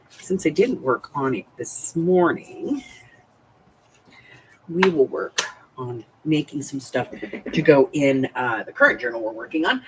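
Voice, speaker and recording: A woman's voice: deep voice, very animated, unhurried, pauses often, slight background noise. A woman in her fifties hosting a crafting live stream, chatting in a confiding way and greeting viewers by name. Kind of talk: casual chat while crafting. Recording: voice a bit far from the mic.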